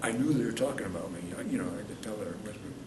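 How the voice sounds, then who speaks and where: A man's voice: on the low side, very fast. A man in his eighties from New York State, rambling through war memories in an oral history interview and correcting himself as he goes. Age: 80s. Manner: rambling storyteller who corrects himself mid-sentence. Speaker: veteran interviewee. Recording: roomy, distant mic, faint noise.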